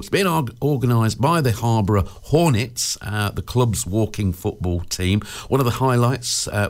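A man presenting a local radio show in casual, rambling chat, full of 'uh' fillers and restarts, joking and laughing at his own asides. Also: fairly low pitch. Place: radio studio.

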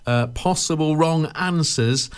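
A man's voice: on the high side, takes it slowly, smooth. A man with an English accent presenting a local radio show, in chatty, jokey banter that rambles and stumbles over repeated words.

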